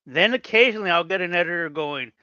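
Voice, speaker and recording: Bright-voiced man explaining lettering. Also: high-pitched, expressive, fast talker, clear, resonant tone, dry recording, muffled recording. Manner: explains at length, acts out editors' requests. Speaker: comic book letterer. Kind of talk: casual podcast chat.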